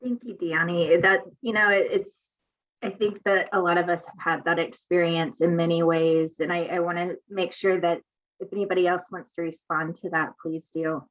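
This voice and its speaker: A woman moderating a panel, gently inviting others to respond. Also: on the low side, steady tone, normal speed. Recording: dull lo-fi video call audio.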